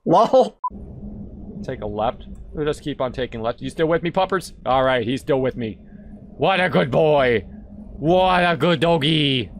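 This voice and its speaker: Excitable gamer man, lively pitch. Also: a little slow. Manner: excitable, sarcastic, bursts into shouts. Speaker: gaming streamer. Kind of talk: casual gameplay commentary.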